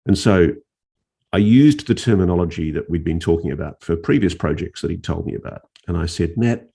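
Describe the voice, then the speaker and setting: A male journalist telling a story in casual conversation, animated and often restarting his phrases. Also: sits low, a little fast, gravelly, slightly rough. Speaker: investigative journalist, interview guest.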